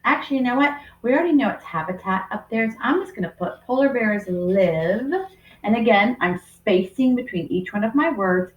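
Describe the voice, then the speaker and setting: A woman teacher giving a remote writing lesson to young children, speaking slowly and sounding out each word as she writes, recorded on a computer microphone. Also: on the high side, lively intonation, highs cut off. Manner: slow and deliberate, sounding out words while writing. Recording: roomy echo.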